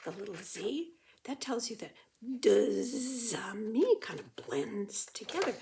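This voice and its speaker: A woman teaching a beginner French lesson, drilling words slowly for listeners to repeat. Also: medium pitch, big pitch swings, gravelly, a little hiss or hum. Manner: drills words slowly for repetition, with bright exclamations. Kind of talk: slow, lively beginner language lesson.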